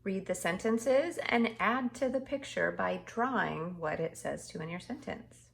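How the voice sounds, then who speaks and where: A woman teaching her kindergarten class remotely, with gentle sing-song talk aimed at small children. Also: medium pitch, a little slow, vocal fry, reverberant, far from the mic, slight background noise.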